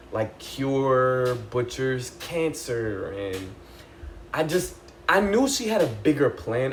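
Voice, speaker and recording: A young man talks through a TV episode in a loose, excitable way, peppering his speech with "like" and "y'all". His voice sits at an ordinary middle pitch. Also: a little hiss or hum. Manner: excitable, animated, chatty with lots of "like" and "y'all". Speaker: TV recap vlogger. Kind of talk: casual episode recap.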